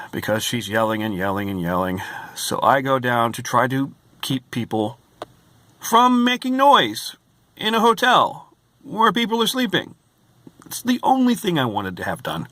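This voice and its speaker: A man's voice: mid-range voice, huge pitch swings, measured pace, fairly bright tone, dry recording. A man working as a hotel night clerk rants in a vlog. He sounds exasperated, stresses his words and keeps repeating himself. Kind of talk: ranting vlog.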